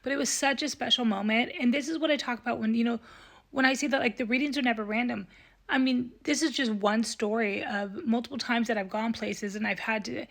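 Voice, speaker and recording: Husky woman telling an emotional story. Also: fairly high pitch, steady tone, brisk. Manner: tearful, earnest, drops to soft whispers. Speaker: psychic medium.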